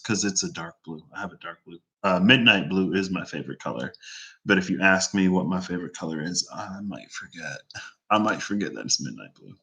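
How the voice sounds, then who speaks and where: A man rambles casually to his viewers, wandering from thought to thought with plenty of fillers. His voice is fairly low but bright and forward. He slips into higher tones when acting out what others said. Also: expressive, a little fast, creaky. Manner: chatty, meandering, quotes others in raised voice. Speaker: vlogger.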